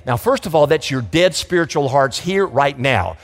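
A man preaching a sermon as pastor, fervent, his delivery swinging between loud emphasis and soft, intimate asides. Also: on the high side, animated, moderate pace, few pauses. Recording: long hall reverb.

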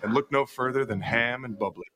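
An actor playing a smug, deadpan TV spokesman in a spoof ad, speaking with a smooth, confident pitch. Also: brisk, heavy background noise, lightly acted. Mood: deadpan salesy. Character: smug male ham-selling TV pitchman, deadpan. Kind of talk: comedy sketch ad read. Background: music under the ad.

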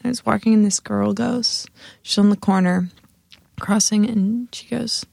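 A woman's voice: medium pitch, unhurried, creaky, dry recording, studio quality. A woman guest on a chat show, telling a story casually with lots of fillers and acted-out quotes, in her thirties. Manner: animated, many fillers, acts out quotes. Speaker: podcast guest, singer-songwriter.

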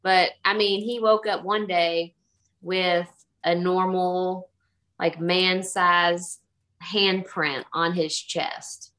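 A middle-aged woman telling a ghost story casually in an animated way, acting out the voices she quotes. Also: on the low side, very slow. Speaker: guest telling a haunting story.

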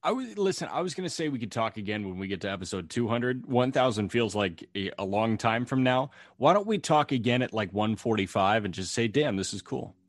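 A man's voice: lowish voice, animated, fairly quick, few pauses, no room sound, clean studio sound. A man co-hosting a podcast, talking in a wry, joking way. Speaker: podcast co-host. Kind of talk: casual chat.

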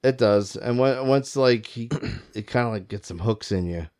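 A man's voice: mid-range voice, moderate pace, darkish tone. A man co-hosting a podcast, chatting enthusiastically and swearing casually. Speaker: podcast co-host. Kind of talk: casual chat.

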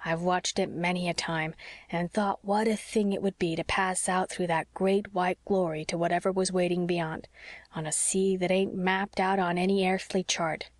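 A woman reading the part of a frail, gentle old sea captain, speaking softly and wistfully in a low voice. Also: fairly even intonation, moderate pace, no echo, natural voice.

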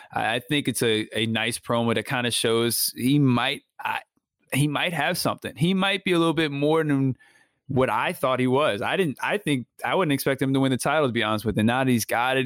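A man's voice: medium pitch, dry recording. A man co-hosts a laid-back wrestling podcast, rambling and restarting his sentences as he weighs his views. His mid-range voice sounds dry and close to the mic. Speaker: podcast co-host. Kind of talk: casual wrestling recap chat.

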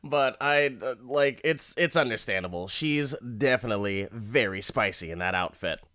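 A man's voice: mid-range voice, lively intonation, moderate pace, pushed and bright, no room sound, studio quality. A man casually recapping an episode with heavy swearing and frequent laughter. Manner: profane, laughs often while talking. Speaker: show recap host.

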